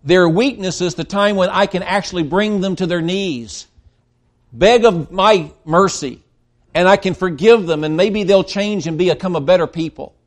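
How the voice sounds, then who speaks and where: A man preaching a sermon, emphatic and swinging between loud stresses and quiet drops, with frequent restarts. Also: sits high, moderate pace. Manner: emphatic, rising and dropping in volume, with restarts.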